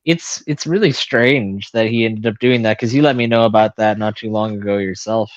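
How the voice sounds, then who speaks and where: A man's voice: on the low side, normal speed, dry recording, dull audio. A man explaining himself in casual group talk, apologetic and careful. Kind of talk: casual chat.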